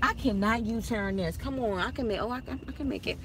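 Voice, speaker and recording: A woman vlogging from inside her car, telling stories to her viewers in a chatty, animated way and laughing often. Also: on the high side, fairly quick, noisy background. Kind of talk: casual chat while driving.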